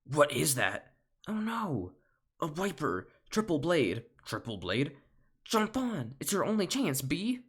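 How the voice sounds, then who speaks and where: Man doing a high, loud, squeaky bee kid for a comedy read, always on edge. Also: huge pitch swings, slow pace, slightly rough, heavily acted. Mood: panicked. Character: young male bee, excitable and panicky.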